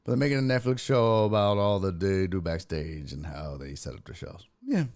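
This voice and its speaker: A young male podcast host talks sports casually, kidding around with plenty of swearing. He speaks low and fairly fast, keeping things animated, profane and playful.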